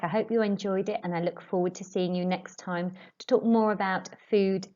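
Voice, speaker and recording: A woman French teacher giving a recorded lesson, dictating sentences slowly and clearly and repeating each prompt. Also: mid-range voice, fairly even intonation, a little mellow, lo-fi sound.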